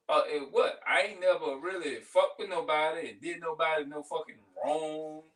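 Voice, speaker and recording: A man's voice: fairly high pitch, pushed and bright, distant mic. A middle-aged man venting in a heated, profane, rambling monologue, repeating himself as he goes. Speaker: vlogger.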